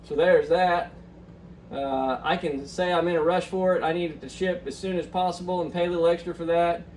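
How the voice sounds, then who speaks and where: A man's voice: a little high, steady tone, a little fast, darkish tone, distant mic, a little hiss or hum, low-quality recording. A young man hosting a fishing channel, chatting upbeat through a walkthrough with lots of ums and uhs. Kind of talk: casual screen walkthrough.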